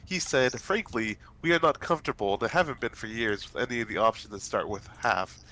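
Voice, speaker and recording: A man's voice: medium pitch, fairly quick, sharp tone, poor audio. Congested-sounding man chatting over a game. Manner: rambling, many fillers and restarts. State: stuffy, congested nose. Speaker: let's play host. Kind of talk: casual chat while gaming.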